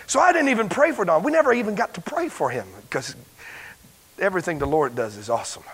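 A man preaching a sermon as pastor, stumbling over repeated words and breaking into shouted exclamations. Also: high voice, big pitch swings, quick pace, slightly rough. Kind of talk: sermon with a healing testimony.

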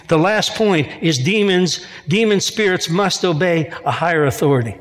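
A man with a high voice preaches in a church, moving between quoted scripture and relaxed, joking asides. His words ring out with a long echo from the hall around him. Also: normal speed, hardly any pauses. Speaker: pastor. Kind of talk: sermon.

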